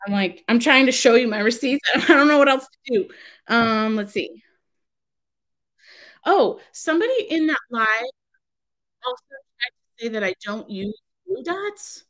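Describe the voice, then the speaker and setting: A woman's voice: a little high, very animated, measured pace, fairly bright tone, low-quality recording. A woman crafter on her own channel, talking casually in a rambling, exasperated, self-interrupting way from home. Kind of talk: casual vlog rant.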